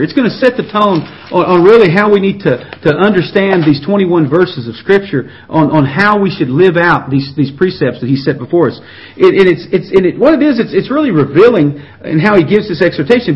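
Earnest preacher man, dull lo-fi sound. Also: fairly high pitch. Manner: earnest, pleading, with frequent repeated words and restarts. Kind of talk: sermon. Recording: dull lo-fi recording.

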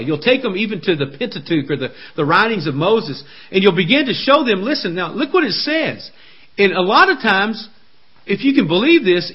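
A man preaching a sermon, emphatic, his voice climbing high when he quotes scripture. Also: husky, dull audio. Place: indoor room, camera on a helper.

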